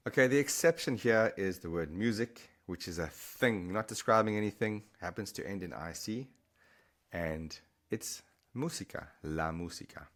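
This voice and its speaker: A man teaching vocabulary to camera, chatty and encouraging, often pausing to check in with the learner. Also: deep voice. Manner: chatty, encouraging, repeats and restarts while explaining. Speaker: Spanish teacher.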